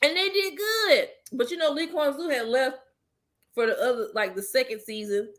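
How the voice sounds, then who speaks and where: A woman's voice: high-pitched, moderate pace, a bit bright. Joking woman podcast host. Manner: blunt, joking, laughs a lot. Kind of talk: casual group chat.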